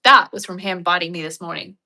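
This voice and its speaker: A young Australian woman chats casually on a livestream in a lowish, sharp-toned voice, talking a little fast. She comes across as wry and chatty, slipping into mock-dramatic impressions.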